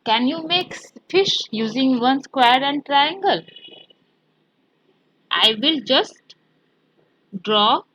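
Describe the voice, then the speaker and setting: A woman teaching a maths lesson to children, explaining slowly step by step and slipping in Hindi words. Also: high voice, animated, fairly bright tone, muffled recording, a little hiss or hum.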